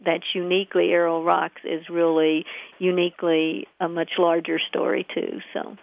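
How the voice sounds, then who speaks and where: A woman with a low, gravelly voice speaks in a radio interview about her community's efforts. She talks hesitantly, often restarting her sentences with ums, and laughs easily. The sound is dull and lo-fi, like an old radio broadcast. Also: flat delivery, moderate pace. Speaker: local preservation group representative. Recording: lo-fi radio audio.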